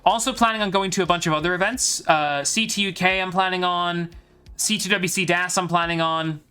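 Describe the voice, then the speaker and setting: A man's voice: sits high, steady tone, fairly quick, sharp tone, clean tone. A man from Ireland with a light Irish accent, commentating a live game stream and joking with his viewers in a chatty, bragging way.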